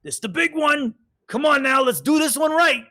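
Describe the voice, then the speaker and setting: A man's voice: very high voice, lively intonation, moderate pace, voice pushed up, heavily acted. A man voicing a rowdy, boisterous mining crew leader who cheers his team on in a tabletop role-play game. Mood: pumped up. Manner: loud, hyped-up.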